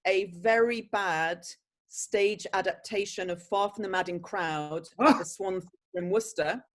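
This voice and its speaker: A woman, an actress answering interview questions with lively, laughing anecdotes. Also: mid-range voice, a little slow. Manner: animated storyteller, breaks into laughter. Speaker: actress guest.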